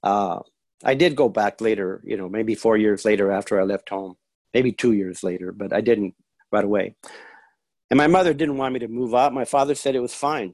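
A man sharing his personal story at a recovery meeting, halting and full of restarts. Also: on the low side, fairly even intonation, a little mellow, dry recording.

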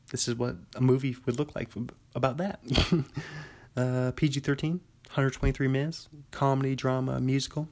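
Brief: young male podcast host, loose and rambling, laughs as he talks. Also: medium pitch. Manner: rambling, filler-heavy, laughs often. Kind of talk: casual solo commentary.

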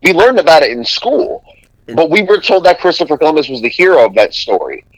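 A man in his twenties, a podcast guest in casual chat, agreeable and quick with profanity. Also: fairly high pitch, sing-song, dry recording, poor audio. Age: 20s.

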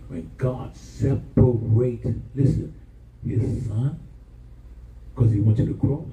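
A man's voice: on the low side, mellow. A man preaching a sermon as pastor, impassioned, calling for responses from the congregation. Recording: roomy church sound from far off.

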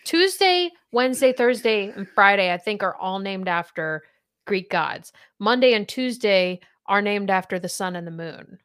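A woman in her thirties hosts a casual podcast chat. Her pitch sits in the middle of the female range but leaps up and down as she quizzes her guest in a chatty, playful way. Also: animated, moderate pace, fairly bright tone, smooth. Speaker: podcast host.

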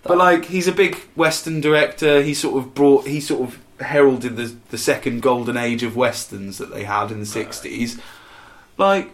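A man co-hosting a casual music chat, jokey and quick to laugh. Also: mid-range voice. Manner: jokey, breaks into silly put-on accents and laughter. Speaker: podcast co-host.

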